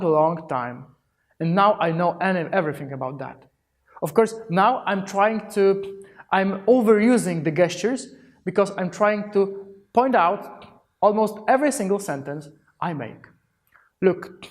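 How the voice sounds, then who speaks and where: A man giving a workshop talk on presentation skills, with phrasing, frequent restarts and lively acted-out examples. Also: high-pitched, unhurried. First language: Polish. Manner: demonstrative, acts out example greetings; non-native phrasing with restarts. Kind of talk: live workshop talk on body language.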